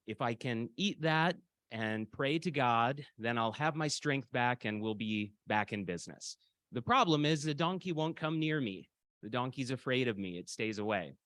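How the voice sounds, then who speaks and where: A man's voice: mid-range voice, expressive, moderate pace, fairly bright tone, no echo, natural voice. A man voicing an aging, weakened male lion king who laments his lost strength in a spoken fable. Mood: lamenting.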